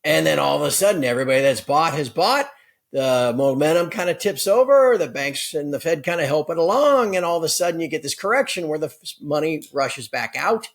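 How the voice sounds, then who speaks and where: A man speaking as a guest analyst in a conversational interview, brisk and explanatory. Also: fairly high pitch, expressive, gravelly. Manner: brisk, explanatory, with occasional laughs.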